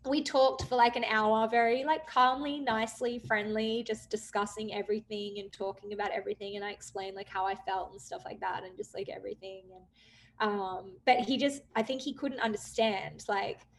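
A young woman candidly recounting a personal story, with many "like" fillers, acting out quoted dialogue with lively jumps in pitch. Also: normal speed, a little hiss or hum. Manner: chatty, frequent "like" fillers. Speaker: guest telling her story.

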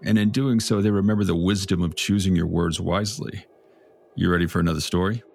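A man co-hosting a podcast, telling folk tales in a relaxed, jokey way with dramatic read-aloud narration. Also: sits low, brisk, vocal fry. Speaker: podcast co-host. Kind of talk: casual storytelling chat.

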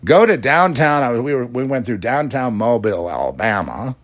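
A middle-aged man hosts a religious commentary podcast, sounding preachy as he mocks imagined critics in put-on quoted voices. His medium-pitched voice is expressive and fairly quick.

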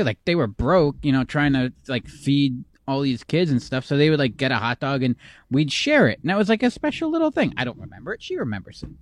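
A man's voice: fairly high pitch, no echo, studio quality. A man co-hosting a podcast, rambling in a nostalgic, jokey way with many fillers. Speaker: podcast co-host. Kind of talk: casual chat.

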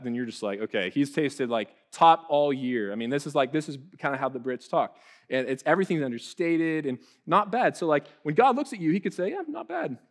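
A young man preaching a sermon in a lively, conversational way, often restarting his sentences. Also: medium pitch. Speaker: pastor.

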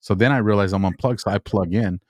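A man's voice: on the low side, fast talker, a little mellow, no echo, studio quality. A man, a military veteran, telling a story in casual chat and laughing as he goes. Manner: laughing while telling a story, acts out quoted voices. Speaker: veteran guest.

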